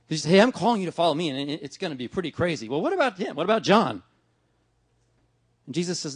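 Fast, sing-song and high-pitched with a breathy edge, this middle-aged pastor gives a chatty sermon full of "right?" and "man." He often dramatizes his talks with God, recorded in a clean, dry studio.

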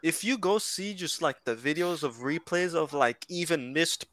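A man's voice: on the high side, lively intonation, normal speed, a crowd in the background. A man chatting on a sports podcast in a slangy way, full of bro and dude. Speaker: podcast guest. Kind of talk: casual sports chat.

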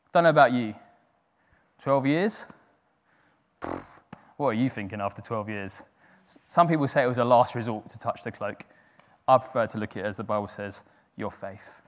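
A man's voice: medium pitch, a bit bright. A man giving an informal, earnest sermon with jokes to a church group. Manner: chatty, joking, earnest. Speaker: church speaker. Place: church hall. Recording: long hall reverb.

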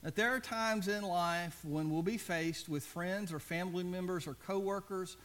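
A pastor preaches a sermon at a moderate pace, conversational and earnest in tone. He often drops his voice soft and low for emphasis.

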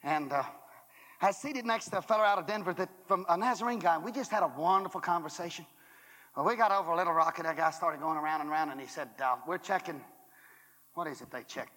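Male revival preacher, high and bright, fiery and booming, old hall recording with long reverb. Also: quick pace. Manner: booming, shouting climaxes, dropping to hushed asides. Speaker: former church superintendent. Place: college chapel revival service.

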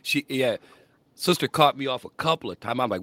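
An older man co-hosting a casual faith podcast, an animated storyteller who laughs often and acts out what people said. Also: medium pitch, moderate pace, no echo. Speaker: podcast co-host.

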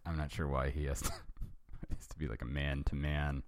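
A man's voice: rumbling low, level tone, a little fast, darkish tone, no echo, clean studio sound. A man hosting a fanfiction reading, narrating with wry, self-interrupting asides. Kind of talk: comic dramatic reading with asides.

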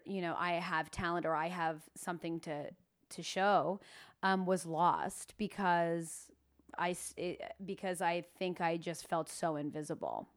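A woman in casual interview chat, telling animated stories and acting out the people she quotes. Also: on the low side, clear, resonant tone. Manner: animated storyteller, acts out quotes.

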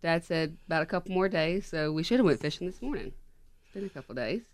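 A woman's voice: low voice, animated, fast talker, a crowd in the background. A woman in a casual podcast chat, recounting events matter-of-factly and chiming in. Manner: matter-of-fact recounting, chimes in.

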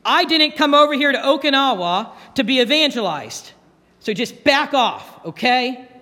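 A male pastor voicing a brash, impatient young Marine who talks in a gruff, blunt way, pitching his voice higher and louder. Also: animated, normal speed, exaggerated voice. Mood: brusque. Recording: long church reverb.

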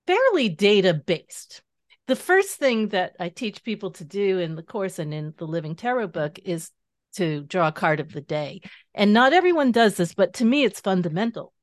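A woman guest author talking through her practice in a casual interview, animated and explanatory, laughing easily. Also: mid-range voice, no echo, clean studio sound. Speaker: guest author and tarot teacher.

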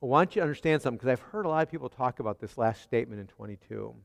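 A man preaching an expository sermon, asking his hearers rhetorical questions and swinging between quiet and emphatic delivery. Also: medium pitch, lively intonation, very fast, creaky. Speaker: pastor. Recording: long hall reverb.

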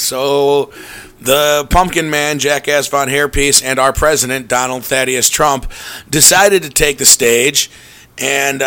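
Bright-voiced rambling podcast host man. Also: medium pitch, normal speed. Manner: rambling, sarcastic, laughing asides. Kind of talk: casual podcast chat.

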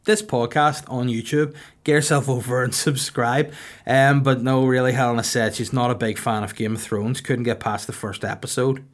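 Northern Irish man, crude deadpan jokes. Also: medium pitch, moderate pace. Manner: crude, deadpan comic storytelling. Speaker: podcast host. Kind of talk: casual comedic podcast chat.

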